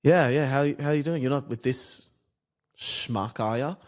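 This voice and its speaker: A man's voice: mid-range voice, measured pace, close to an everyday voice. A man doing a cocky parking inspector. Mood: taunting. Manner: swaggering, crude, calls people mate. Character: cocky male parking inspector, brash and taunting.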